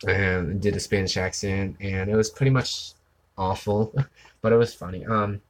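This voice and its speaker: A man's voice: low-pitched, flat delivery, normal speed. A young man from Maryland, chatting casually and rambling while he draws on a stream, often laughing and humming nonsense sounds. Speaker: art streamer. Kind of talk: casual chat while drawing.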